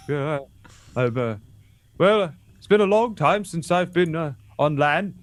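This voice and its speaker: A man's voice: a little high, animated, takes it slowly, no echo, pitched above the performer's own voice. A man voicing a shy, awkward male seal who stammers as he talks.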